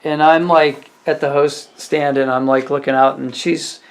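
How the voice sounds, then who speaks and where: A man, a restaurant waiter, telling stories from his shift in a rambling, casual way, full of fillers and growing animated. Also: a little high, a little slow. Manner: rambling, filler-heavy retelling that grows animated. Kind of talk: casual storytelling vlog.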